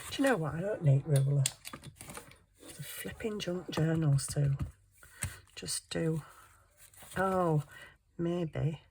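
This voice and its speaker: A woman's voice: low voice, warm tone, a little hiss or hum, poor audio. A woman chatting casually while making a junk journal at home, self-deprecating and talking to herself as she works. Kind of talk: casual craft tutorial chat.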